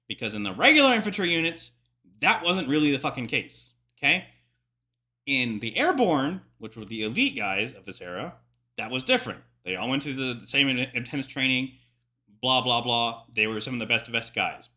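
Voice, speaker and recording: A man gives profane, loose commentary on a documentary he is watching. His voice is bright and forceful, and his pitch rises and falls widely as he gets animated. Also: normal speed. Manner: profane, animated, digressive explainer. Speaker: military history reaction host. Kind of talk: casual commentary reacting to a documentary.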